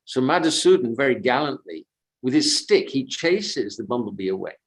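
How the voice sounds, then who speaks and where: A man giving a devotional storytelling talk at a sacred lake on a pilgrimage walk, unhurried and reflective, drifting between anecdote and commentary. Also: medium pitch, very animated, low-quality recording. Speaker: pilgrimage tour speaker.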